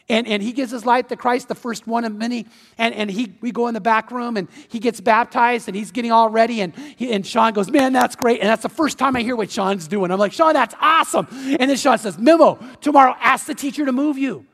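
A middle-aged male pastor preaching a sermon, telling a story with lively acted-out voices and sinking to a soft, slow appeal. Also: extremely high pitch, creaky. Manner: animated storytelling, acting out quoted voices; drops to soft, slow, intimate appeal at the close. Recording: long hall reverb.

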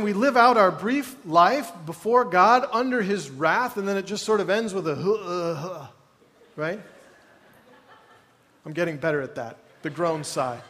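A man's voice: high-pitched, a bit bright. A man preaching a sermon in a conversational way, with wry asides and mock groans. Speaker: pastor. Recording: long hall reverb.

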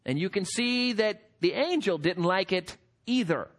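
A man preaching a sermon, emphatic and building to forceful peaks. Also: sits high, animated, a little slow. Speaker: pastor.

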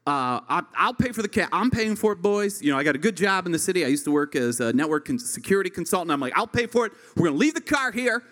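A man's voice: high-pitched, fast, few pauses, long reverb tail. A man from rural Ohio, in his thirties, telling a stand-up story and acting out the voices of the people in it. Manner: animated, acts out voices in his stories. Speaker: stand-up comedian.

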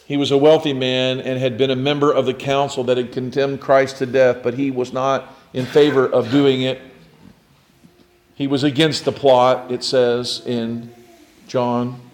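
Man preaching in a flat, even voice. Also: medium pitch, unhurried. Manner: reflective storytelling, drops to a near hush at key points. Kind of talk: sermon.

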